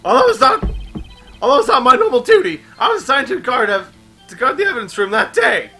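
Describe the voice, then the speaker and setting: A man voicing an overeager young police officer who shouts and barks "sir" after everything, in a video game playthrough. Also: very high voice, big pitch swings, fairly quick, faint music behind, exaggerated voice. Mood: frantic. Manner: shouting, barks 'sir' constantly.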